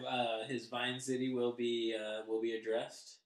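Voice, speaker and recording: A man's voice: medium pitch, flat delivery, measured pace. A man co-hosting a casual podcast, signing off in a loose, rambling way with hesitant fillers. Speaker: podcast co-host. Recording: roomy echo.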